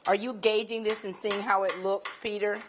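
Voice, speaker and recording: A woman hosts a cooking segment on local TV, upbeat and quick to laugh. She keeps things moving with short, encouraging replies. Pots and cutlery clatter clearly in the background. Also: medium pitch, level tone, background noise. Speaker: TV host. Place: TV studio kitchen. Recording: kitchen clatter clearly behind.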